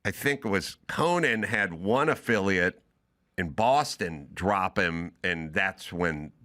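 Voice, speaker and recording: A man who hosts a talk show and works as a comedian, telling a story in a casual, animated way and acting out both sides of a phone call. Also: low voice, slow pace. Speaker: podcast host.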